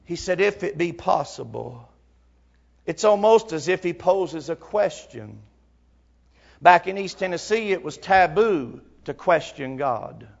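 A man preaching a sermon, telling a personal story, moving from hushed tones to crying out. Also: high voice, lively intonation, a little slow, muffled recording. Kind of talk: emotional Southern sermon storytelling.

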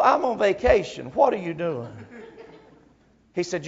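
A man preaching a sermon, telling a personal story, moving from hushed tones to crying out. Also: high voice, big pitch swings, unhurried, creaky, lo-fi sound. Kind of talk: emotional Southern sermon storytelling.

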